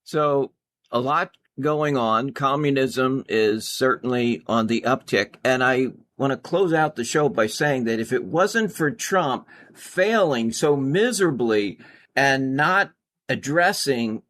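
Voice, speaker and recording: A man's voice: mid-range voice, animated, slow, a bit bright. A male host reading political headlines and adding sardonic, cutting remarks after each one. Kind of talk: political news commentary.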